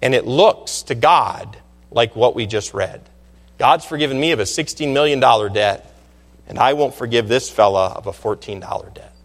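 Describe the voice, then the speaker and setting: A man preaching a sermon as pastor, emphatic, climbing to loud peaks and dropping low again. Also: moderate pace, big-room sound.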